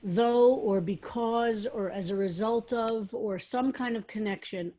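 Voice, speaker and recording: A woman's voice: fairly high pitch, unhurried, hardly any pauses, dark tone. A woman rabbi leading a study class, talking animatedly and throwing out question after question, with frequent restarts. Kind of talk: teaching a text study class.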